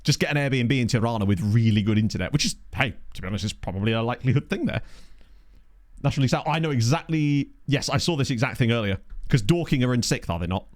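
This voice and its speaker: Streamer, man, lively up-and-down delivery, chatty play-by-play as he plays. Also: medium pitch, fast. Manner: excitable, chatty, thinks aloud. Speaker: video game streamer. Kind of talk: live gameplay commentary.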